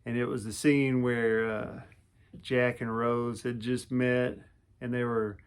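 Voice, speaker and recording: A man's voice: medium pitch, little pitch movement, slow pace, clean tone. A man in his forties telling a personal story to camera, casual and rambling, with lots of restarts and fillers.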